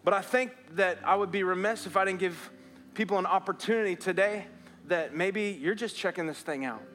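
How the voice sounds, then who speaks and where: Pastor guy preaching, kinda high voice, repeats lines a lot, earnest. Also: a little fast, a bit bright, slight background noise. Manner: storytelling, repeats phrases, rises to earnest urging. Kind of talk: sermon. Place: church sanctuary.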